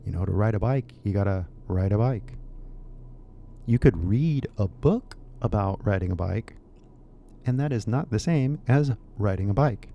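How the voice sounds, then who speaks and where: Gravelly laid-back Californian man. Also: on the low side, expressive, dark tone, dull audio, a little hiss or hum. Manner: laid-back, musing, drawn-out phrases. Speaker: English teacher. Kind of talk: casual rambling video lesson.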